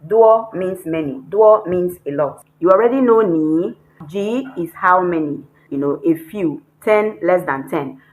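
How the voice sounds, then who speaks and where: A woman's voice: fairly low pitch, unhurried, few pauses, a little mellow, poor audio. A woman teaching a beginner language lesson, repeating words and spelling them out. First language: not Chinese. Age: adult, not a child. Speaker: Chinese teacher. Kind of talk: slow, deliberate language lesson.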